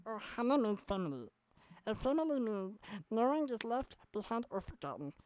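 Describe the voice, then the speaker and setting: A woman's voice: on the high side, big pitch swings, moderate pace, a little mellow, dry recording, voice pushed up, low-quality recording. A woman putting on a silly, cartoonish character voice with big exaggerated swoops. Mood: goofy.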